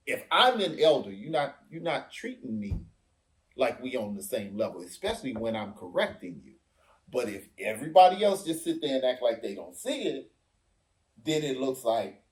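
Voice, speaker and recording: A middle-aged podcast host argues his point in a heated but casual discussion, his medium-pitched voice very animated at a normal pace with a roomy sound. He explains himself emphatically, acting out what others said.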